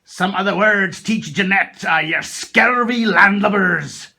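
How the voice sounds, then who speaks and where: A woman putting on the voice of Captain John, a gruff, loud pirate captain who growls out pirate calls. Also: medium pitch, measured pace, full character voice. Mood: boisterous. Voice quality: gravelly shouting.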